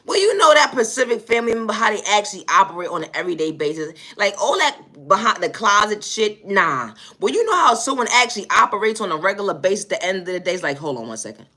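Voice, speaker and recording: Woman vlogger, lively bright voice, foul-mouthed comic rant, exasperated and laughing. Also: mid-range voice, quick pace, hardly any pauses. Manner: profane, exasperated, laughing often. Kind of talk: comedic storytelling rant.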